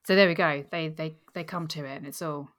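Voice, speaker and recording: A woman's voice: deep voice, fairly even intonation, brisk, fairly bright tone. A woman co-hosting a book podcast, chatting casually and reading novel passages aloud. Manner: reads novel excerpts aloud, chatty and amused. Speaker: podcast co-host.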